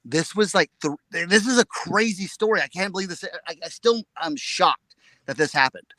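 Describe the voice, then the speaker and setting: A man co-hosting a casual live chat, telling a story in an excitable, rambling way and repeating his words. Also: sits high, normal speed, no room sound. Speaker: reseller show co-host.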